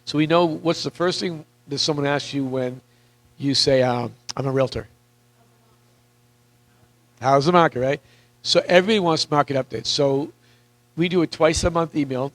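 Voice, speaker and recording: A man coaching real estate agents in a live seminar, energetic and repetitive, questioning the audience, with a voice that is wearing out. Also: medium pitch, a little fast, low-quality recording. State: losing his voice.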